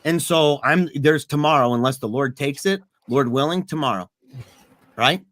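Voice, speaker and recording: Earnest, animated man podcaster. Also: fairly high pitch, normal speed, dry recording, studio quality. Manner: animated, earnest, laughs often, repeats words. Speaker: podcast co-host. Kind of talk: casual podcast conversation.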